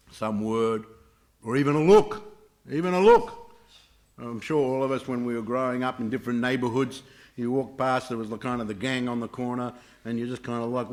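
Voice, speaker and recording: A man's voice: medium pitch, a little mellow. A man teaching a scripture class, telling stories with many hesitations and filler sounds. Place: temple class room.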